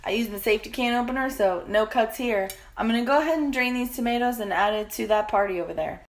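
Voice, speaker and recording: A woman's voice: on the high side, fast, a little hiss or hum. A woman hosting a casual home cooking vlog in her kitchen, chatty and rambling, with self-deprecating asides. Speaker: cooking vlogger.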